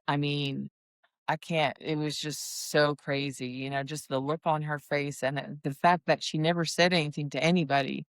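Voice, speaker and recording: Chatty dog breeder with a smooth voice. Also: mid-range voice, fairly bright tone, no room sound. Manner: chatty and rambling, with many restarts and asides. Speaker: dog breeder telling stories. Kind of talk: casual storytelling chat.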